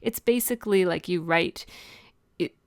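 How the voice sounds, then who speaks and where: A woman's voice: lowish voice, unhurried, no room sound, studio quality. A woman casually narrating an art journaling tutorial over her video, chatty and rambling, with frequent ums and restarts.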